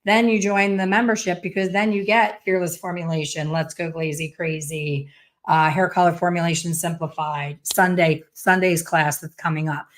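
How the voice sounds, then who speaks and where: A woman's voice: fairly low pitch, fairly even intonation, moderate pace. A woman in her fifties hosting a live stream, talking in a blunt, chatty way with a sassy edge. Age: 50s. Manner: blunt, chatty, storytelling with sassy put-on voices. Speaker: hair color educator hosting a live stream. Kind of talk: casual live-stream chat.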